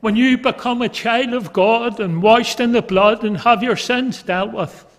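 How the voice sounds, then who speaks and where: A middle-aged man preaching a sermon fervently, his loudness rising and falling as he presses each point. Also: very high-pitched, unhurried. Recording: echoey hall reverb.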